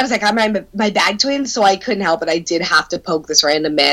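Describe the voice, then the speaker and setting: Young woman gabbing about her night, super animated, swears, keeps saying like, laughs a bunch. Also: mid-range voice, fast, rough recording. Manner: animated, profane, laughs often, fills with "like". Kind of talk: casual storytelling chat.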